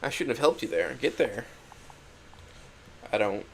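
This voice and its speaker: Guy reading a heavy first person story, gets all emotional, kinda raspy low-key fry. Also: unhurried, a little hiss or hum. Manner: emotional, swings from hurt to shouting anger. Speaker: narrator.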